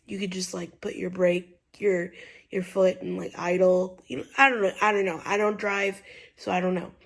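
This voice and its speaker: A woman's voice: lowish voice, steady tone, normal speed, creaky. A young woman vlogger casually telling a story to the camera, rambling with lots of "like" and "you know". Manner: rambling, full of "like" and "you know", retelling with feeling.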